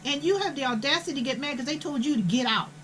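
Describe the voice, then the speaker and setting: A woman's voice: sits high, expressive, quick pace, a bit bright, a little hiss or hum, rough recording. An older woman, telling a family story in a blunt, profane, indignant way. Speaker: host. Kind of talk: casual storytelling.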